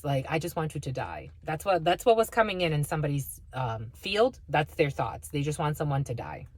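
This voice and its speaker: In a low-pitched voice captured dry, a woman reads tarot for her viewers, addressing them as "my lovies." Her spiritual reading is blunt and full of profanity, broken up by frequent laughter.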